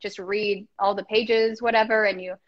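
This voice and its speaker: A Canadian woman hosting a live video chat, bubbly and quick to giggle. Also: medium pitch, steady tone, dull audio. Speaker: host. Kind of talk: casual chat.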